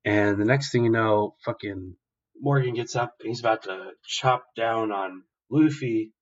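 A young male podcast host retells a story in a loose, rambling way and swears often. His voice sits fairly low, and the recording is dull and lo-fi. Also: a little slow. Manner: rambling, profane, animated retelling. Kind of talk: casual episode recap.

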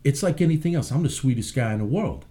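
A man being interviewed as a guest, animated and swaggering, who curses freely as he tells his stories. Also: medium pitch, fast. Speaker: guest, country rapper. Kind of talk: casual interview storytelling.

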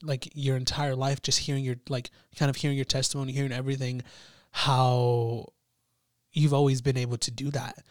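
A man's voice: medium pitch, flat delivery, no echo, clean studio sound. A young man chatting casually and enthusiastically on a podcast, with lots of "like", restarts and laughter. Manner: enthusiastic, filler-heavy, quick to laugh.

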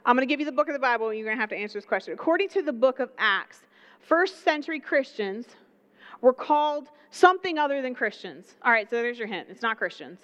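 Southern woman preacher, high-pitched, lively and chatty in the pulpit, muffled recording. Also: fast. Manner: animated, conversational preaching with playful asides. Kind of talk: sermon. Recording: dull lo-fi sound.

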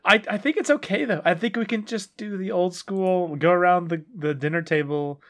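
A man's voice: sits high, moderate pace. A man in his early thirties co-hosting a casual podcast, rambling and correcting himself, with frequent laughs. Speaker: podcast co-host.

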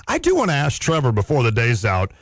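A man hosting a sports radio show, chatting casually with self-deprecating quick asides into a studio mic. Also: medium pitch, wildly swooping pitch, dry recording.

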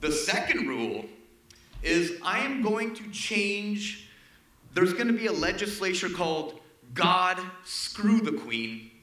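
A man's voice: high-pitched, expressive, slow pace, pushed and bright. A man doing stand-up comedy with brash, profane crowd work. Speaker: stand-up comic. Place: comedy venue. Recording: echoey room, faint noise.

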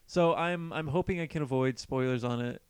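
A man's voice: mid-range voice, normal speed, clean tone. Man, casual podcast chat, resonant voice, no room echo. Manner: chatty, swearing, acts out quoted people. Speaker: podcast co-host.

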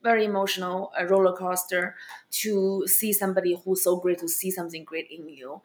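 A woman stand-up comedian and club owner with a non-native accent, answering interview questions bluntly and with animated storytelling. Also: on the low side, moderate pace. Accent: non-native English accent.

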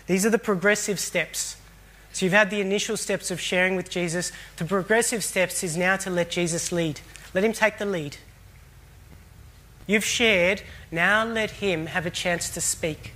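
A man's voice: high-pitched, moderate pace, pushed and bright. A man preaching a sermon in an earnest, reflective way, often repeating phrases for emphasis.

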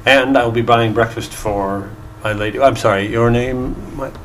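A man's voice: mid-range voice, steady tone, measured pace, slight background noise, close to an everyday voice. A man voicing a flamboyant, flowery gnome bard. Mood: courteous. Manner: effusive, apologetic, flowery courtesy. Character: flamboyant male gnome bard, theatrical and flattering.

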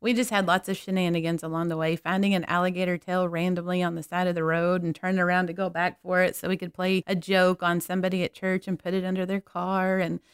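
A woman's voice: lowish voice, fast, few pauses, clean tone, dry recording, studio quality. A woman hosting a church podcast, animatedly telling stories and acting out quotes. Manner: animated storyteller, acts out quotes. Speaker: podcast host. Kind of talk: casual storytelling chat.

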